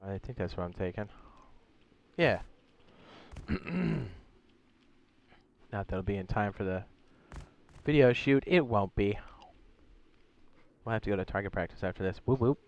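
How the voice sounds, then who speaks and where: A man who is sick and hoarse, streaming a game in casual commentary, with a raspy voice and frequent throat clearing. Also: fairly low pitch, expressive, a little slow, long pauses, darkish tone, lo-fi sound. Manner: clears his throat often, rambling and thinking aloud.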